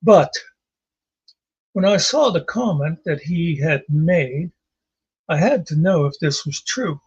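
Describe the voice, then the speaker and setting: A man's voice: on the high side, expressive, slow pace, husky, muffled recording. A man hosting his own commentary channel, recounting an online argument in a rambling, sarcastic, off-camera chat with some profanity. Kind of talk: casual recap commentary. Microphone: home mic, off camera.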